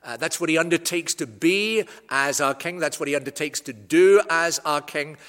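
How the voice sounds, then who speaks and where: Guy preaching, slightly high voice, measured with dry little asides, big echoey hall. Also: fairly bright tone. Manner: measured, explanatory, with wry asides. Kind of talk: expository sermon.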